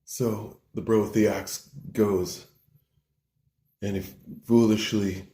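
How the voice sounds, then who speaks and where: A man's voice: fairly low pitch, steady tone, takes it slowly, warm tone. Preacher guy telling a story all casual, like and bro everywhere, echoey room. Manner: slangy, laid-back, full of like and bro. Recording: roomy echo.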